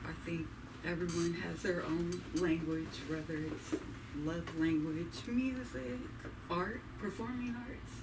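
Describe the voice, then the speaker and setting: A woman's voice: on the low side, measured pace. Woman doing chatty stand-up, far off. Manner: chatty, laughs often, asks the crowd questions. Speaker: stand-up comedian at an open mic. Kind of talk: nervous stand-up set. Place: comedy club stage. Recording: noisy live room, voice from afar.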